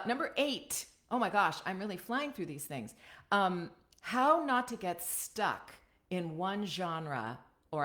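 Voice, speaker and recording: A woman's voice: lowish voice, fairly bright tone. A woman with an American accent giving a casual voiceover coaching talk over a live video stream, often checking in with "right?". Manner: chatty, ends points with "right?". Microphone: computer webcam stream.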